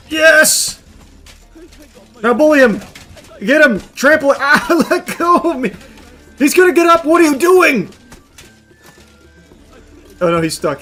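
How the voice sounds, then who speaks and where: A man streaming a game, shouting, swearing and laughing in bursts between dry asides. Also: very high voice, vocal fry. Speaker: gaming streamer. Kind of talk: live gameplay commentary.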